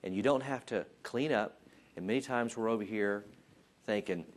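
Guy w a low voice doing a casual, chatty sermon, puts on little voices. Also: normal speed. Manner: conversational, acts out voices and jokes about himself. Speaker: Bible teacher. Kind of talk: informal sermon. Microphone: taped.

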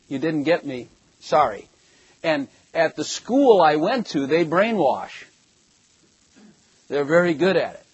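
Older male preacher, husky and fairly high, rambling and emphatic Bible teaching, dry close sound. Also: no room sound, rough recording. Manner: rambling, emphatic, rises to loud bursts when excited. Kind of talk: conversational sermon, reading scripture.

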